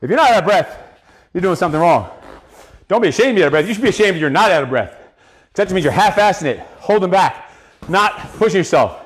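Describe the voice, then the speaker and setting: A man's voice: sits high, lively intonation, fast talker. A man coaching a live boxing cardio workout, counting reps and giving profane pep talks.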